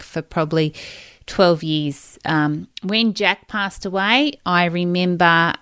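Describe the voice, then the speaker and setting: A woman in her forties talks through her own stories on a podcast, open and emotional, circling back as she goes. Her voice is smooth and clear, her pace unhurried. The recording is dry and close, with no room sound around her. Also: lowish voice, no echo. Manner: candid, emotional, rambling storytelling. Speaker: podcast host. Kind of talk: personal podcast monologue.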